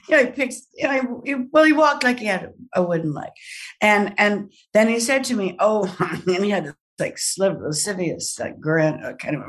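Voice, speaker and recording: An older woman recounting a memory in a lively, conversational storytelling style, full of quoted voices. Her voice sits at a middle pitch and sounds a little away from the mic. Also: distant mic. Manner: animated anecdote with laughs and quoted voices. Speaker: guest. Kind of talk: storytelling in a podcast interview.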